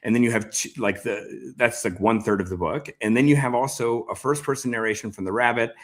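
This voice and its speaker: A man's voice: medium pitch, brisk. A man interviewing an author, speaking in a thoughtful, rambling way with many fillers. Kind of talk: casual conversational interview.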